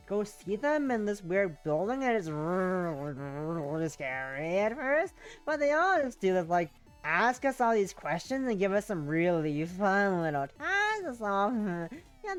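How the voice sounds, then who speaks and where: A woman's voice: mid-range voice, close to an everyday voice. A woman reading a game's text as a giddy, clingy, obsessive girl, rambling with lots of "like". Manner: breathless valley-girl rambling, full of "like".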